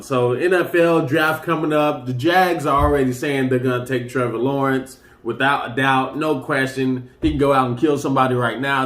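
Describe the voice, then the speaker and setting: A man's voice: medium pitch, a bit bright, roomy sound. A man hosting a casual sports talk show, rambling loosely and getting hyped as he runs through the news. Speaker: sports commentary host.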